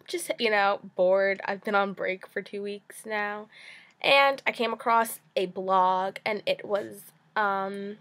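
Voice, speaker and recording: A woman's voice: mid-range voice, steady tone, slow pace, a bit bright. Giggly, rambling young New Jersey woman. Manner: rambling and giggly, with many fillers. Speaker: vlogger. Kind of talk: casual chat to camera.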